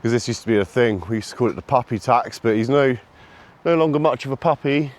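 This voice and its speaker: Talking at a quick pace, a dog owner and trainer walks his dog outdoors in the countryside and films with a camera he carries. He chats casually about training and calls out to the dog in a high sing-song voice.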